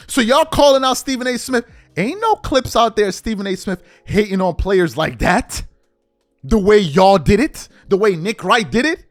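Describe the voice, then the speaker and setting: Man, very high voice, lively swings in pitch, mocking sports rant, faint music bed. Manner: indignant, mocking, mimics others in quoted voices. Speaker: sports commentary host. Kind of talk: ranting sports commentary monologue.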